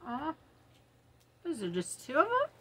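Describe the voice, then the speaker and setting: A woman's voice: high voice, wildly swooping pitch, unhurried, a bit bright, slight background noise. A middle-aged woman, chatting casually and giggling as she unboxes products at home for her viewers. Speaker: unboxing vlogger. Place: home, early morning.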